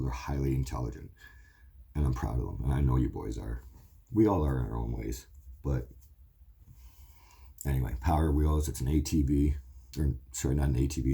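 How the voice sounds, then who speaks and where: A man in his forties delivers a rambling, confessional monologue as the host of his own show. He is blunt and profane, and his voice sits very low, with a dark, mellow tone and a husky edge. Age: 40s.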